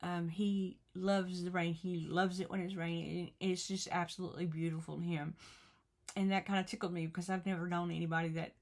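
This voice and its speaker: Middle-aged woman, earnest chatty vlog talk, lowish voice. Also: flat delivery, fairly quick. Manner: earnest, chatty, with restarts and repeated phrases. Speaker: vlogger. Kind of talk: casual motivational talk to camera.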